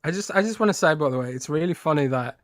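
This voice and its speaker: A man's voice: a little high, animated, fast talker, no echo, clean studio sound. A man with a British accent co-hosting a casual podcast, chatty, often restarting his sentences and laughing easily. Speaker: podcast co-host.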